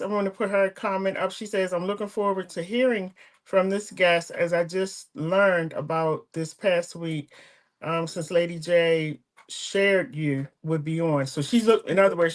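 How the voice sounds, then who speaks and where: A woman's voice: on the low side, moderate pace. An older woman hosting an online talk show, telling a personal story in an earnest, emotional way over a video call. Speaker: host.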